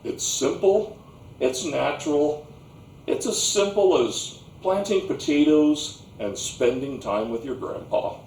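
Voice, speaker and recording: A man performing a comic storytelling monologue on a theatre stage, with slow, deliberate delivery. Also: on the high side, expressive, vocal fry, a little mellow, slight background noise. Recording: roomy stage sound from a distant mic.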